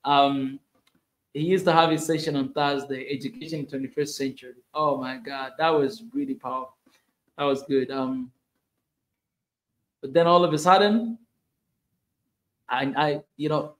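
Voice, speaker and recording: Lively man hosting a livestream. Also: fairly high pitch, moderate pace, long pauses, roomy sound. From Africa. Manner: excitable, shouts out to viewers, repeats himself. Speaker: livestream host. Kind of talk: casual livestream chat.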